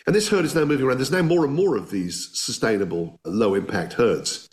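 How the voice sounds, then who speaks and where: A man's voice: medium pitch, brisk. A man telling anecdotes as an interview guest, enthusiastic and conversational, often restarting his sentences. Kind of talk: anecdotal storytelling.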